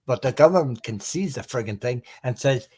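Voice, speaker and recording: A man's voice: mid-range voice, lively intonation, a little fast, a little mellow, breathy edge. A man hosting a tarot livestream, talking casually and bluntly on a video call, with mild cursing, repetitions and trailing sentences. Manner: blunt, mildly profane, trailing off and repeating himself. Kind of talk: casual group chat.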